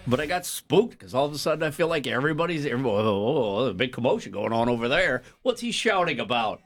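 Male radio host, animated banter, lively swooping voice, faint music under. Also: mid-range voice, quick pace. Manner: animated storytelling, acting out quotes. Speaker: radio morning show host.

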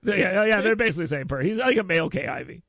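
Chatty gravelly-voiced radio host man. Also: high voice, lively intonation, very fast, fairly bright tone, no room sound. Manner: rambling storytelling with mocking put-on voices. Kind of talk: casual radio chat.

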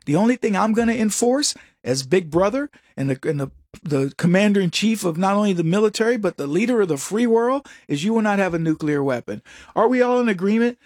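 A man hosting a political talk show, mocking and animated, laughing often between points. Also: high voice, fairly quick, no room sound, studio quality. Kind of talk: political commentary.

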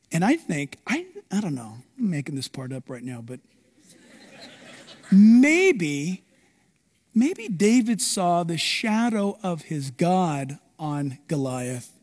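A high-pitched man preaches a sermon in a large hall. His delivery is animated and dramatic, with stories told vividly and quotes acted out.

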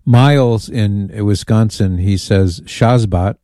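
Male radio host, low mellow voice, dry close sound, chatty and amused. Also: expressive, normal speed, no echo. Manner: chatty, amused, reads listener emails aloud. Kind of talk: call-in radio talk.

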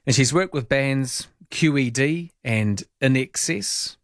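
A middle-aged man with a New Zealand accent hosting a casual radio chat, playful and mock-indignant, his voice jumping high on questions. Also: slow, dry recording, clean studio sound. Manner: playful, indignant tongue-in-cheek asides with sudden high pitch jumps. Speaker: radio host.

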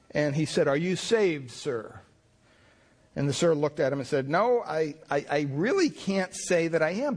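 A man pastor preaching a sermon in a folksy, storytelling way, acting out the people in his anecdotes. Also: a little high. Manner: folksy storytelling with many restarts and voiced quotes.

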